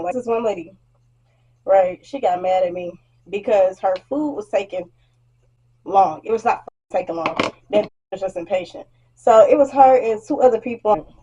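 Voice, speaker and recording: A young woman vlogger telling a blunt, animated storytime rant about work, acting out what customers said and swearing freely. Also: medium pitch, husky, highs cut off.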